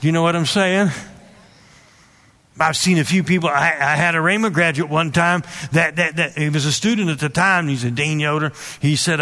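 A man preaches a sermon, telling a personal story with frequent restarts, repeated words, and emphatic asides urging people to listen. His fairly high voice is bright and forceful at a normal speed.

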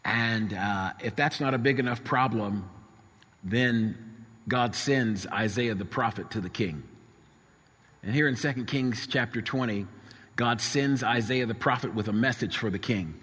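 Husky middle-aged pastor in a reverberant hall. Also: male voice, medium pitch, unhurried, fairly bright tone. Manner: earnest, emphatic retelling with repeated phrases. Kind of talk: sermon with personal storytelling.

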